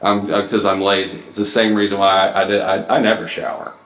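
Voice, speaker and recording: Low-voiced deadpan male podcast host. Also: a little fast, slight background noise. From Mississippi, US. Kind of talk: casual comedic chat. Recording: echoey room.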